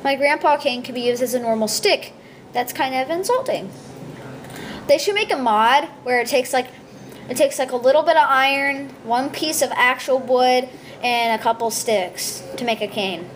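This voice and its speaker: A high-pitched woman chatting her way through a block-building game, rambling and goofy with lots of ums. A faint hum of noise sits under her voice. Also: normal speed. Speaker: gameplay video maker. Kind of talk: casual gameplay commentary.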